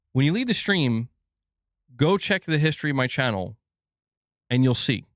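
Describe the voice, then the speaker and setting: A man's voice: medium pitch, no room sound, clean studio sound. A man hosting a gaming channel, ranting on a casual livestream from home and swearing freely. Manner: animated, emphatic, swears freely. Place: alone at home.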